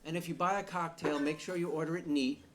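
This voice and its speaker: A man from Long Island, New York, hosting a live reading series in a bar, joking and energetic with the audience. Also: fairly high pitch, quick pace. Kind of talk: live event emcee. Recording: noisy bar with crowd. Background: crowd chatter and noise.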